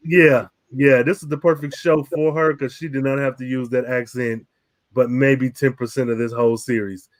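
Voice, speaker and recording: A man's voice: medium pitch, flat delivery, normal speed. A man hosting a casual review podcast, talking animatedly, laughing often and swearing casually. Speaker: podcast host.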